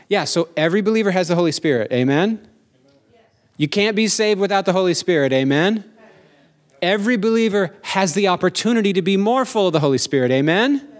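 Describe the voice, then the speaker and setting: Preaching with energy and emphasis, a middle-aged pastor calls on his congregation for amens. On the lines that matter most he slows his pace and lets his pitch climb.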